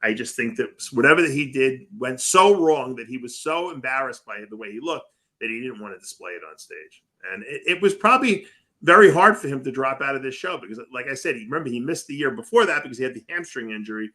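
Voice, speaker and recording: Emphatic man with a bright voice. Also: medium pitch, animated, brisk. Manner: emphatic, repeats words when starting a point. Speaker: co-host of a bodybuilding radio show. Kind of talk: casual podcast discussion.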